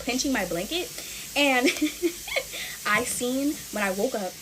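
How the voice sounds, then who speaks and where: Young woman, from the US, casual ghost storytelling, expressive and chatty, somewhat high voice. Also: slow, noisy background. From United States. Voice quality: chatty, expressive, addresses viewers as y'all. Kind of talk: casual scary storytime while playing with slime. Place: indoors at home.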